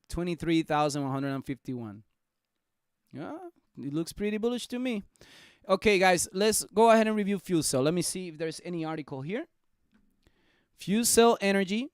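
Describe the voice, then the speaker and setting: Excitable young man live-streaming. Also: on the high side, clean tone, no echo, studio quality. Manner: excitable, jokey, talks to viewers. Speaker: stock market live streamer. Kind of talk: casual live-stream chat.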